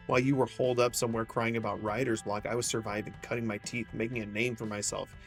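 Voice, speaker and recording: A man's voice: on the low side, level tone, fast talker, natural voice. A man voicing a smug gloating music-mogul villain. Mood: sneering. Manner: gloating, condescending.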